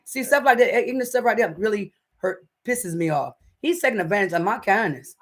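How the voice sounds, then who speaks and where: A cooking channel host with a Southern North Carolina accent runs a casual livestream from indoors at home, calling her viewers y'all and swearing, then apologizing. Her medium-pitched voice is expressive and fairly quick, and the recording quality is low.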